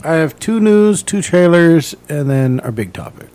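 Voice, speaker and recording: Animated man with a lively, slightly high voice. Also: measured pace. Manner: animated, steers the topics. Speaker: podcast co-host. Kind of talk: casual chat.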